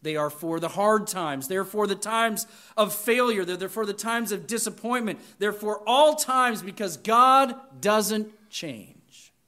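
High-voiced male pastor preaching. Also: unhurried, few pauses, sharp tone. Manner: scripture reading with emphatic lists, chatty asides. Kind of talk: sermon.

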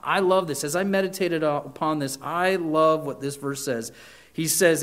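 A man's voice: a little high, normal speed, fairly bright tone. A middle-aged man, a pastor, preaching a sermon in an earnest way that builds to emphatic peaks.

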